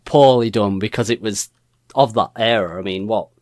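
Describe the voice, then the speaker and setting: A man's voice: fairly low pitch, moderate pace, a little mellow, no echo, studio quality. A man co-hosting a podcast in casual chat, rambling with lots of fillers and restarts. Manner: rambling, full of fillers and self-corrections. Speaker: podcast co-host.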